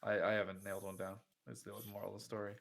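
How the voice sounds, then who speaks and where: A man playing a game on a live stream, chatting casually in a halting, hesitant way. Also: fairly low pitch, completely flat delivery, gravelly, fairly bright tone. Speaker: fellow player. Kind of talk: casual gaming chat.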